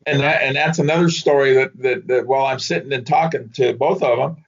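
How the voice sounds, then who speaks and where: A man's voice: medium pitch, steady tone, a little fast, creaky, husky. An older man, a former baseball hitting coach, telling rambling anecdotes with restarts and laughs in a casual interview. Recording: dull lo-fi audio.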